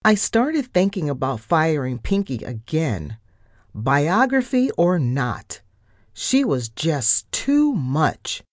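A woman reads a children's storybook aloud, taking her time. Her low voice rises and falls expressively, recorded close and dry with no room around it. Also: big pitch swings, slow, no room sound.

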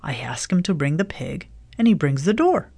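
A woman's voice: low-pitched, sing-song, normal speed, creaky, mellow, husky, heavily acted. A woman voicing an exasperated older wife in a storybook reading, scolding her forgetful husband.

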